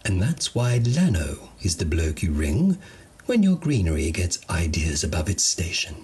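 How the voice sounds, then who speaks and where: A man's voice: deep voice, very animated, normal speed, darkish tone, breathy edge. A man giving a wry scripted narration of a comedic sci-fi story.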